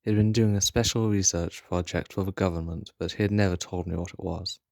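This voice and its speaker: A man voicing a young woman agent who quietly and sorrowfully recounts finding a dying mentor. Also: deep voice, fairly even intonation, brisk, creaky, no echo, clean studio sound. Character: grieving young woman agent recalling a death.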